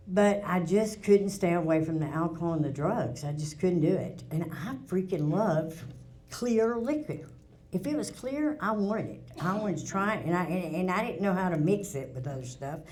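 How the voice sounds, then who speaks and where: A woman's voice: fairly low pitch, moderate pace, a little mellow. A middle-aged woman, telling her recovery story at a meeting in a candid, plainspoken way with frequent restarts. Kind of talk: personal testimony at a recovery meeting. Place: meeting room.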